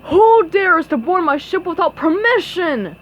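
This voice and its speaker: A woman's voice: high-pitched, very animated, drawn-out words, mellow, husky, heavily acted. A woman voicing a grumpy old male ghost pirate captain who roars and growls. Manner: roaring, growling.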